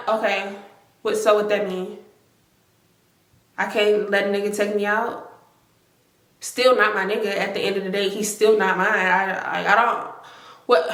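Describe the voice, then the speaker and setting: A woman in her twenties telling a story to her viewers, animated and emphatic, with lots of swearing. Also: medium pitch, measured pace. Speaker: vlogger. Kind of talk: casual storytime. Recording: roomy echo.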